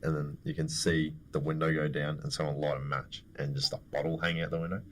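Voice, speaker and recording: A man's voice: a bass voice, level tone, fairly quick, slight background noise. A young Australian man co-hosting a podcast, chatting casually and telling a joking story. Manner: storytelling, joking, laughs often. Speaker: podcast co-host. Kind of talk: casual chat.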